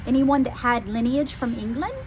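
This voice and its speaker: A woman psychic medium doing a channelling reading, talking hesitantly, repeating phrases, softly moved. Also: on the high side, moderate pace, a little hiss or hum.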